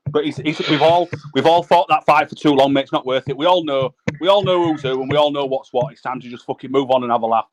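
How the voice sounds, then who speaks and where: A man's voice: a little high, quick pace, hardly any pauses. A man on a livestream panel, blunt and sweary, repeating himself insistently. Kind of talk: heated livestream panel chat.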